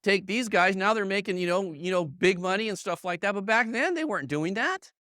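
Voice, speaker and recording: Man, middle-aged, sales team leader, motivational training, bright forceful voice, emphatic and repetitive, dry close sound. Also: high voice, lively intonation, brisk, few pauses, clean tone, dry recording. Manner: emphatic, repeats himself, checks in with "okay?" and "right?"; addresses colleagues in the room by name. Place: meeting room with a live audience.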